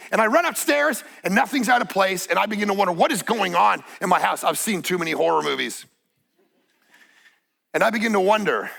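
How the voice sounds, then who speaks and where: A pastor preaching from the stage, his voice pitched high and bright with a gravelly edge. He tells a story conversationally and leans into emphatic moments. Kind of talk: sermon storytelling. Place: church stage.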